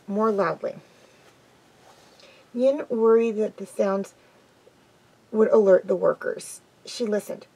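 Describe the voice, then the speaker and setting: Husky-voiced woman reading a storybook. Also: medium pitch, dark tone, rough recording. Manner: unpolished reading with stumbles and restarts. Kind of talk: reading a children's story aloud.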